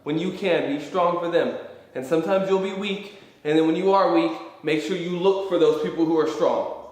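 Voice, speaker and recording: A man's voice: fairly high pitch, moderate pace, a little mellow. Young male host, casual motivational rambler, profane, hall reverb. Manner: emphatic, rambling, swears freely. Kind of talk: motivational live-stream talk. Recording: very echoey hall.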